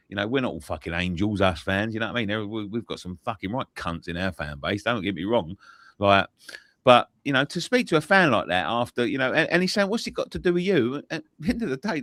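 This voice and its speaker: A man, swearing a lot as he tells animated stories in a casual post-match football chat. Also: medium pitch, no echo, clean studio sound. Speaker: football fan pundit.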